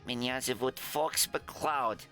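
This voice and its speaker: A man on a casual stream putting on a high, playful voice for a young male fox pilot who leads a squad. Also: takes it slowly, bright, forceful tone, faint music behind. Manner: speaks Russian in a raised, playful put-on voice, breaking into laughs.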